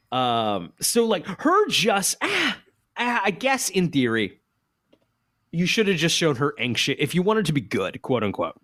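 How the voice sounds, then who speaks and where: Co-hosting a podcast, this man casually recaps a TV episode with plenty of jokes and frequent laughter, keeping things lively. His voice sits a little high, and he hiccups as he talks. The sound is clean studio audio with no room sound.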